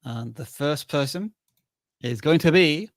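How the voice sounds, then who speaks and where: A man's voice: fairly high pitch, animated, measured pace, dry recording. Man, live stream co-host, playful, casual chat, dry sound. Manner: chatty, playful, thinks aloud. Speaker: livestream co-host.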